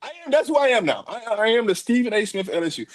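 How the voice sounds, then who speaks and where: A man guesting on a sports talk show, bragging about his calls with plenty of laughter. His voice sits high and swings widely in pitch. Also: quick pace. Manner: boastful, laughing, animated hype. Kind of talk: sports commentary podcast.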